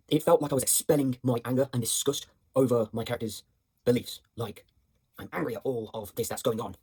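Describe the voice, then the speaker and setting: A man's voice: mid-range voice, a little mellow, breathy edge, dry recording. A young man, a drama student, rambling through a reflective voice note on his acting practice, with many fillers and restarts. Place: indoors at home.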